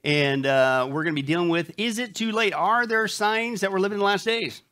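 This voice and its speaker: A man's voice: high-pitched, fairly quick, sharp tone. A male pastor giving church announcements and an opening prayer, upbeat and joking, often saying "that's right". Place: church sanctuary before a live congregation.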